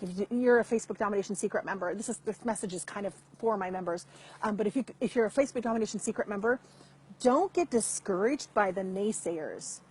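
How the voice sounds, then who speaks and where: Husky-voiced woman hosting a live stream. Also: mid-range voice, a little mellow. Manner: chatty, repeats and restarts, addresses viewers directly. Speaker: host. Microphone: computer mic over weak internet.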